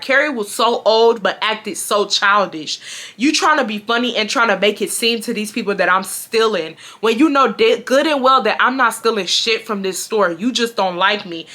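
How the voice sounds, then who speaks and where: A young woman from Houston, telling a storytime to her viewers in a blunt, animated way. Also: mid-range voice. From Houston, USA. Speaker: vlogger. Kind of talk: casual storytime monologue.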